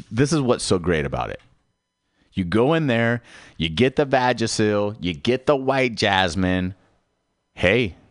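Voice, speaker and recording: A man with a low voice runs a comedy bit on his radio show like a pushy product pitch. His delivery jumps up high for emphasis, then drops back down. The studio sound is close and dry. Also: no echo. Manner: salesman-like pitch with big swooping emphasis. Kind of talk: mock infomercial comedy rant.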